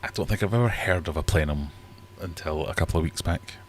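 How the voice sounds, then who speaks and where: A man's voice: low-pitched, quick pace, slight background noise. A man hosting a casual live-stream quiz, chatty and joking as he reads out the questions. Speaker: livestream quiz host.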